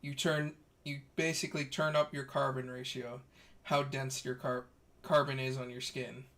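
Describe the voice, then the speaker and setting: A man narrates a tabletop role-playing session as its game master. His voice sits at an ordinary middle pitch, and he talks in a loose, easygoing way, often restarting his sentences as he goes. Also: normal speed. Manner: relaxed storytelling with fillers and restarts.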